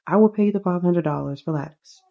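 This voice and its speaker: A woman voicing a man in a life-sim game who has just opened a business and tries to calm someone down. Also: fairly low pitch, brisk, vocal fry. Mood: reassuring. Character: man opening a new business, reassuring.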